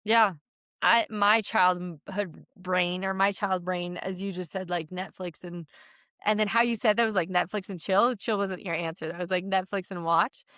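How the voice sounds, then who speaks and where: A woman in her thirties co-hosting a podcast, chatting in an animated, casual way with lots of filler words. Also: lowish voice, moderate pace, no echo, studio quality. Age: 30s. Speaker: podcast co-host. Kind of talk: casual conversational chat.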